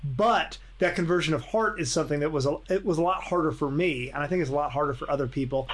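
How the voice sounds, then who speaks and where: A man hosts a podcast in casual conversation, enthusiastic and reflective. His voice sits slightly high for a man. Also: fast talker. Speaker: podcast host. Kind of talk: casual chat.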